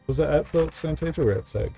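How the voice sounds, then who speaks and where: A man playing a tabletop game, asking halting questions with fillers in casual chat. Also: fairly high pitch, vocal fry, mellow, soft background music.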